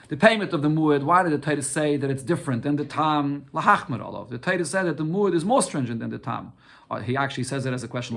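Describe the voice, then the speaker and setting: A man with a fairly high voice teaching a daily Talmud class. He reads short Aramaic phrases and unpacks each one step by step. He often repeats words, then poses questions and answers them himself. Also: lively intonation, fast talker, gravelly, fairly bright tone. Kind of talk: Talmud lesson with Aramaic reading.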